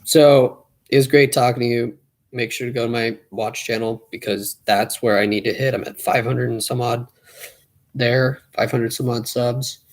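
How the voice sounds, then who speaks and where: A young man chatting casually on a live stream, rambling quickly and running out of breath as he talks. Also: mid-range voice, fairly even intonation.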